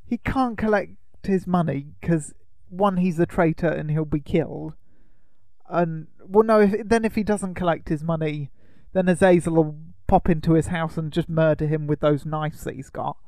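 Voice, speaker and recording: A man's voice: a little high, normal speed, mellow, no room sound. A man co-hosting a casual podcast chat, explaining the plot patiently and laughing often. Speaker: podcast co-host.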